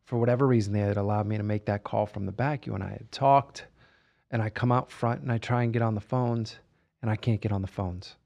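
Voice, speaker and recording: Middle-aged man, halting storyteller. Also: fairly low pitch, fairly even intonation, vocal fry, a little mellow, highs cut off. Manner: halting, with repeated starts. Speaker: podcast co-host. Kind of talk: storytelling in casual conversation.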